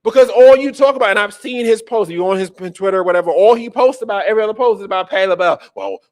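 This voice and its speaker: High-voiced man ranting in profane disbelief. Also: rapid-fire. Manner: profane, incredulous ranting with laughs. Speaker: podcast host. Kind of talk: casual political commentary.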